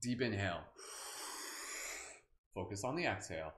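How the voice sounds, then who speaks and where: A man's voice: lowish voice, expressive, normal speed, a bit bright, reverberant. A man hosting a live guided meditation, playful and goofy, chatting loosely with lots of filler words. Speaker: meditation host.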